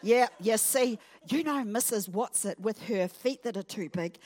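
A woman preaching a sermon, acting out her points in a playful, self-mocking way that swings between loud and soft. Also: medium pitch, moderate pace, hardly any pauses, dry recording. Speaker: guest preacher. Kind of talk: sermon with acted illustration.

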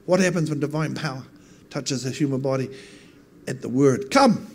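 A man's voice: mid-range voice, normal speed, gravelly, a little mellow, slight background noise. A man preaching a sermon, telling a story earnestly and building to emphatic bursts.

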